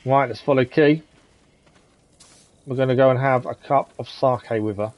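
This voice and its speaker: A man's voice: mid-range voice, steady tone, moderate pace, highs cut off. A man hosting a live gaming stream, chatting casually with viewers and commenting on the game. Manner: chatty, friendly, reads chat aloud, says "to be fair" often.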